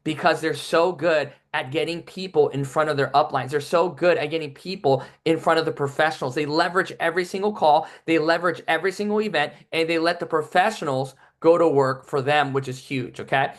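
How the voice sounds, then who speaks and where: A high-voiced man gives a motivational training to his team. He talks with steady energy and keeps checking in with "right?". His delivery is that of a seasoned team trainer. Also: brisk.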